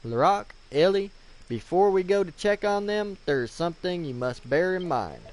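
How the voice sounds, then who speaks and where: A man's voice: high voice, expressive, moderate pace, a little mellow, voice pushed up. A man voicing a solemn old male sage from a video game, reading in a grave, formal way.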